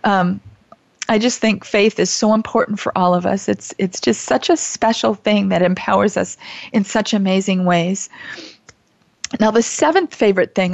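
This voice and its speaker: A woman's voice: mid-range voice, moderate pace, gravelly, no echo, muffled recording. A middle-aged woman hosting a call-in show for teachers, talking in an earnest, gushing way with many restarts. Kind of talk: heartfelt casual talk show monologue.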